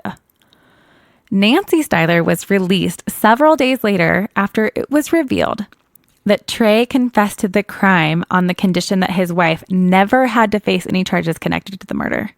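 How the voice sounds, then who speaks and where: A woman's voice: mid-range voice, lively intonation, normal speed, creaky, no room sound. Woman, podcast co-host, casual true crime chat, dry sound. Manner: chatty, laughs often, self-correcting. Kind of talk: casual chat retelling a case.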